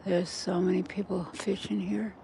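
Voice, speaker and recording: Older woman, low gravelly voice, chatty walk-and-talk vlogger filming on a phone by a cold river. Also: level tone, normal speed, dark tone, slight background noise. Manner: chatty, meandering, talks straight to viewers. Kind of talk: rambling walk-and-talk vlog. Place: outdoors by a river in cold weather.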